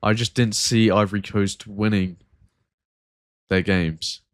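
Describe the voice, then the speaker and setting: A man's voice: lowish voice, steady tone, takes it slowly, no room sound, studio quality. A man hosting a football podcast, talking casually and rambling with frequent fillers. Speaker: podcast host. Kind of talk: casual chat.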